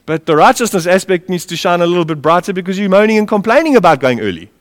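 A man preaching a sermon, impassioned and lively, with chuckles as he tells stories. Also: high voice, quick pace. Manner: impassioned, with a lively rise and fall; chuckles while telling stories. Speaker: pastor. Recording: long reverb of a large hall.

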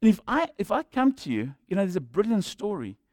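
Lively South African preacher, animated. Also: male voice, sits high, fairly quick, dry recording, clean studio sound. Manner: animated and jokey, acts out the people in his stories. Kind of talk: storytelling sermon.

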